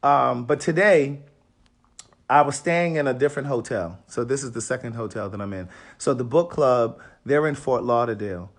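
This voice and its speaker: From a hotel room, a Maryland author with a raspy voice runs a casual livestream and says hello to viewers by name. He speaks at a medium pitch and moderate pace.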